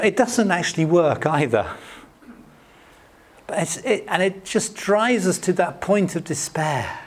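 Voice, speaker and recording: An earnest middle-aged man delivers a sermon in a slightly high voice. He lifts his voice to act out quoted prayers, then sinks into soft, near-whispered lines. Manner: earnest, rises high acting out quotes, drops soft and hushed. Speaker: preacher.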